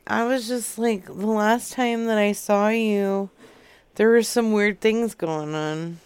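A brash, tipsy woman caller, as a man puts her on for a prank call, drawling slowly. Her speech is crude and unhurried, and the tone stays smooth and clear. The sound is dry and close to the mic. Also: sits high, steady tone, no echo. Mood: flirty. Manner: slow, drawling, lewd come-ons.

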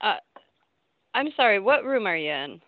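A woman's voice: mid-range voice, big pitch swings, moderate pace, no echo. A woman working hotel staff on a phone call, polite and confused. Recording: dull lo-fi phone sound.

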